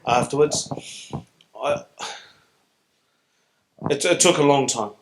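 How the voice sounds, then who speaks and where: A man's voice: mid-range voice, slow, background noise. Earnest New Zealand man telling his story. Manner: earnest, reflective, emotionally open. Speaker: guest speaker. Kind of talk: live stage Q&A storytelling. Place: on stage before an audience.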